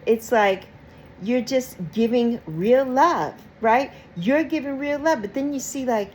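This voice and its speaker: A woman's voice: on the high side, a little slow, a little hiss or hum, low-quality recording. A woman hosting her own channel, talking casually and emphatically to her viewers, repeating phrases, often ending lines with "right?" and breaking into laughter. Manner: expressive, with bursts of laughter and mock quoted voices. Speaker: YouTube host. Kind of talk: casual talk to camera.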